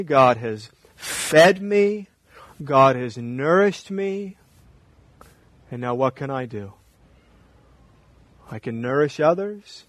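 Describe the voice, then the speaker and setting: Pastor preaching with swelling, dropping emphasis. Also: male voice, medium pitch, dry recording. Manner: dynamic preaching, repeats phrases, swings from loud emphasis to near-whisper. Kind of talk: sermon. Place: church.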